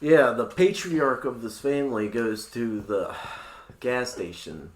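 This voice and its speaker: A man's voice: medium pitch, slow pace, echoey room, a little hiss or hum. A young man co-hosting a casual podcast, telling a story and swearing a lot. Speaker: podcast co-host. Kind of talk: casual chat.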